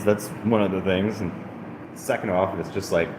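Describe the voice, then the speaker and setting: Speaking at a moderate pace in a low, steady voice, a man chats on a casual livestream from his apartment. He rambles, mocks himself and coos at a cat between thoughts, with an echoey room and background noise around him.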